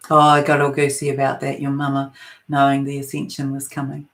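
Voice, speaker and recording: A woman from New Zealand with a New Zealand accent, giving a spiritual talk on a livestream in a soft, meandering way, with many pauses. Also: extremely low pitch, completely flat delivery. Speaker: spiritual channeler. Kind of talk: live-streamed spiritual talk.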